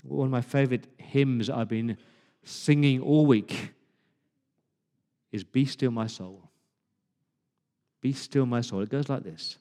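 A man preaching a sermon as pastor, speaking with passion, dramatic pauses and repeated words. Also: mid-range voice, dark tone, in a large hall. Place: church.

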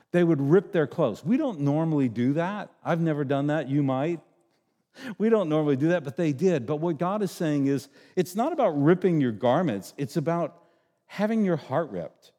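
Joking middle-aged pastor in a reverberant church. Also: male voice, a little high, lively intonation, normal speed, mellow. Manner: conversational, joking, acts out voices. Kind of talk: sermon.

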